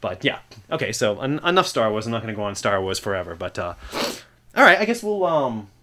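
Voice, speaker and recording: A young man hosting a casual film podcast, rambling and animated, breaking into loud acted-out quotes. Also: lowish voice, fairly quick. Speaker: podcast host. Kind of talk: casual chat about films.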